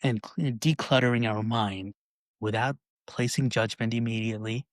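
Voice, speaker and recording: A man's voice: mid-range voice, steady tone, normal speed, no room sound. A man hosting a podcast, chatting casually and often checking in with "right?". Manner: conversational, frequent "right?" tags. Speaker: podcast host.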